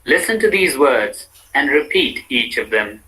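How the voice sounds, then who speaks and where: A man reading out the instructions for a pronunciation drill in a measured, explanatory way. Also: mid-range voice, lively intonation, pushed and bright, poor audio. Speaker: language lab instructor. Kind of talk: scripted pronunciation lesson.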